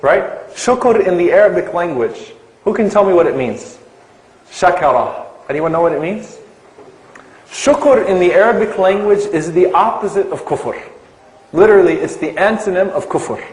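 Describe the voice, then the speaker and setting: A man's voice: sits high, expressive, normal speed, echoey room, rough recording. A man giving an Islamic lecture to a live audience, asking them questions and stretching out key terms for emphasis.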